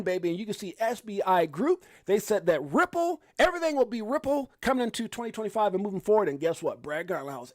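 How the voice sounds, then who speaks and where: Brief: high-voiced Chicago man, rapid-fire livestream host, dry close sound. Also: dry recording. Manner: fast, excitable, shouting out viewers. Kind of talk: hyped casual livestream chat.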